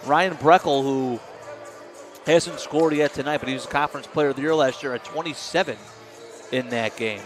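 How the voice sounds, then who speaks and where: A man calling live basketball play-by-play, quick and excitable, rising on big plays. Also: mid-range voice, over music. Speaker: play-by-play announcer. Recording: noisy gym broadcast.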